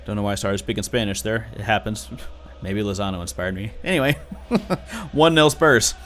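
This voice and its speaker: A man in his thirties giving casual, excitable commentary over his own football video game, grumbling when things go wrong. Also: lowish voice, normal speed, a little hiss or hum. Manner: chatty, excitable, grumbling at setbacks. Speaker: gaming YouTuber.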